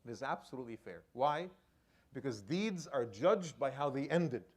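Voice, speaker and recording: A male imam preaching a sermon and telling a personal story, swinging between loud outbursts and hushed, low lines. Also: lively intonation, moderate pace, slightly rough.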